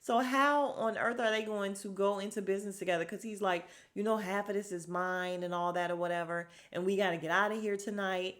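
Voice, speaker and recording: A woman chatting through a TV episode recap for her podcast. She talks in a loose, animated way, laughs often, and jumps into quick impressions of the characters as she goes. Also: medium pitch. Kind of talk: casual recap chat.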